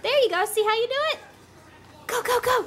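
A woman's voice: very high voice, fairly quick, a bit bright. A young woman filming her family at home, chatting, laughing often and cheering her kids on, in a casual vlog on a handheld camera. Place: at home, indoors and outside. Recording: noisy home video.

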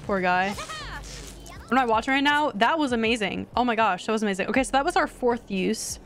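A woman with a voice on the high side streams a life-simulation game, chatting excitably with her viewers in casual live commentary.

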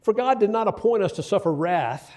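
A man's voice: high-pitched, animated, fairly quick, darkish tone. An older man preaching a sermon, telling folksy stories with asides to the congregation. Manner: folksy storytelling with asides to the audience.

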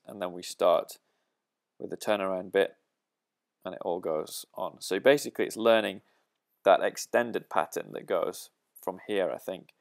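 A man's voice: low voice, vocal fry. A man teaching a drum lesson, explaining a pattern step by step and counting the beats aloud.

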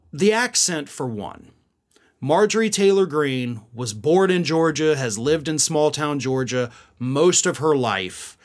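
A man's voice: medium pitch, a bit bright. A man hosting a political commentary show, talking casually to viewers with musing asides.

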